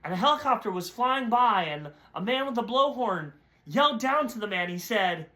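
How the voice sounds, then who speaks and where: A man with a high, bright voice delivers a short devotional message. He tells a parable in a storytelling way, briefly voicing its characters before he draws the lesson. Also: lively intonation, normal speed, hardly any pauses. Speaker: preacher.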